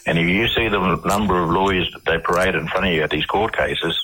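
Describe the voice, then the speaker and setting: Guest: Australian man, low and bright-edged, husky, rambling restarts. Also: a little fast, low-quality recording. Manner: rambling, repeats and restarts words. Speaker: interview guest. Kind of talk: conversational storytelling.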